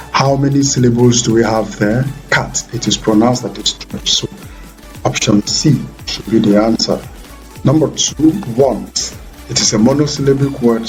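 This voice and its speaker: A man teaching an exam-prep English lesson, explaining pronunciation rules step by step in a methodical way. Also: on the low side. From Nigeria. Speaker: English tutor.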